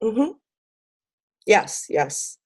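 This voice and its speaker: A woman's voice: mid-range voice, big pitch swings, very slow, darkish tone, breathy edge, dry recording. A woman being interviewed about her marketing business, talking casually with frequent fillers and light laughs. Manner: lots of ums and fillers, laughs easily. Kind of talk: conversational interview.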